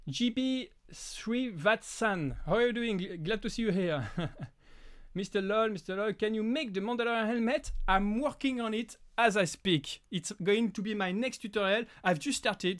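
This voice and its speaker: A man from France with a French accent, whose first language is French, hosting a casual live Q&A and talking in halting bursts full of restarts. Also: high-pitched. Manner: halting, frequent restarts and fillers. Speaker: live stream host.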